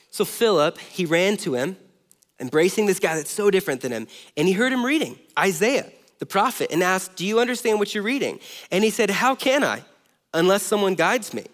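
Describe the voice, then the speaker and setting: A man in his thirties from Southern California preaching a sermon, telling a self-deprecating story with animated energy. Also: high voice. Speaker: pastor. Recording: long hall reverb.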